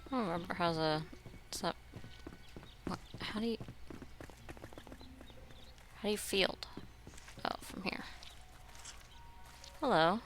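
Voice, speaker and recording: A woman's voice: lowish voice, a bit bright. Sarcastic woman playing a video game. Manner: wry, sarcastic asides. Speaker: game streamer. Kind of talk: gameplay commentary.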